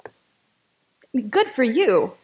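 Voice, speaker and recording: A woman's voice: high voice, very animated, takes it slowly, darkish tone, highs cut off. A woman giving a chatty, enthusiastic sermon-style talk to a spiritual community gathering.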